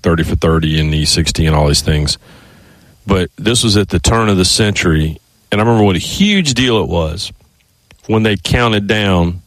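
A man's voice: low-pitched, no room sound. A man hosting sports talk radio in a studio, a rambling storyteller who keeps restarting his sentences.

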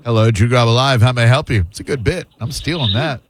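A man hosting a talk radio show, chatting with callers in a joking, quick-to-laugh way. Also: mid-range voice, noisy background. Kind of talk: casual on-air phone chat.

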